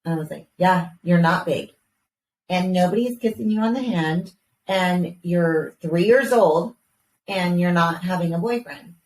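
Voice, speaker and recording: Animated mom telling a story, roomy distant sound. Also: female voice, on the low side, unhurried. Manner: animated storyteller, swears casually, acts out her kids' voices. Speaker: podcast co-host. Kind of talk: casual chat, storytelling. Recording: roomy, distant mic with faint background hiss.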